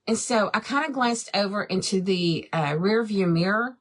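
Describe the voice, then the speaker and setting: A woman's voice: mid-range voice, normal speed, hardly any pauses. A middle-aged woman hosts a live crafting stream from home. She talks casually to her viewers as she paints, drifting into long chatty stories and calling them y'all. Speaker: crafting livestream host. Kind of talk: casual chat while painting.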